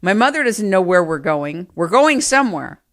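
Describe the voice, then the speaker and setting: A middle-aged woman telling family stories in an animated, self-mocking way, swinging from quiet asides to loud bursts. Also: medium pitch, normal speed. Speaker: storyteller. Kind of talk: personal storytelling.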